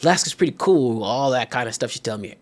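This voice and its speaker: A man's voice: mid-range voice, expressive, quick pace. A man on a casual podcast, animatedly telling a story with lots of fillers and the odd swear word.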